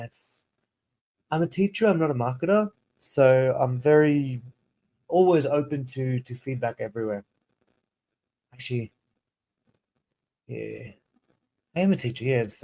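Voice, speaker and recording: A man's voice: mid-range voice, darkish tone. A man in his thirties, an English teacher chatting casually on a livestream, rambling and restarting sentences as he reads prompts aloud. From South Africa. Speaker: ESL teacher and streamer.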